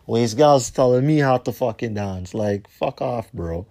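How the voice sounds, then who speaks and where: A man telling a rambling story as a podcast host, heated and profane, repeating himself and trailing off low at the ends of lines. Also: animated, unhurried, dark tone.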